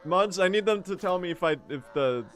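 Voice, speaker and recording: Young male streamer, slightly high and animated, chatty and self-mocking. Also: fairly quick, soft background music. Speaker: speedrun streamer. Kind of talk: casual live-stream chat.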